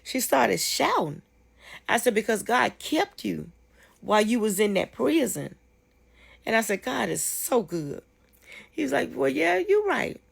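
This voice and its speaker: A woman telling a dream testimony casually, fervent and repetitive, climbing high when she rejoices. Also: sing-song, unhurried, gravelly, pauses often, breathy edge. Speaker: storyteller sharing a dream testimony.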